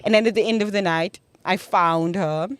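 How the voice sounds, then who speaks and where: A woman's voice: fairly low pitch, normal speed, clear, resonant tone, no echo. A woman from South Africa hosting a casual podcast chat, telling stories and acting out the voices of others. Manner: lively storyteller, acts out quoted voices. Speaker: podcast host. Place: lake house room.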